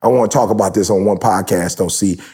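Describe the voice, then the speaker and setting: A man in his thirties hosting a podcast, talking in an animated, preachy, slangy way. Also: deep voice, fast talker, husky. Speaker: podcast host. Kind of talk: casual podcast chat. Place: live event in Jamaica.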